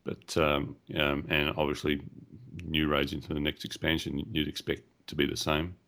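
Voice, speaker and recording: A man's voice: rumbling low, monotone, moderate pace, a bit bright. A man, co-hosting a casual gaming podcast, rambling and hesitant with many fillers. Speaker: podcast co-host.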